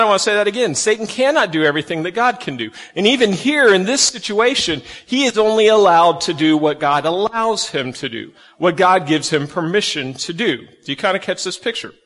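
A man preaching a sermon to kids and families, folksy and animated, acting out the quotes he reads. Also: a little high, long reverb tail. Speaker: pastor.

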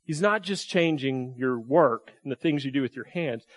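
A man's voice: medium pitch, animated, normal speed. A man preaching a sermon in a conversational way, often asking the congregation questions. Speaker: pastor.

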